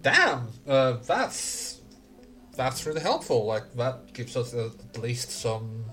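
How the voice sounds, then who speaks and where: A man voicing a male dig company employer on a call, halting and full of fillers. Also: medium pitch, very animated, pushed and bright, faint music behind, full character voice. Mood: grateful. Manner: hesitant, halting with many fillers.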